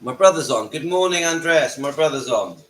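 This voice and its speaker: A man with a croaky voice from a cold hosts a casual livestream from his home, chatting and greeting viewers by name. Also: on the high side, expressive, brisk, a bit bright, roomy sound, a little hiss or hum, low-quality recording. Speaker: livestream host. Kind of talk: casual live-stream chat.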